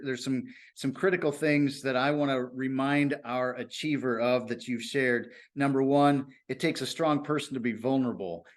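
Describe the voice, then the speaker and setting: Man, middle-aged, podcast host, earnest, recaps points, repeats phrases. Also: mid-range voice. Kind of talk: wrapping up an interview.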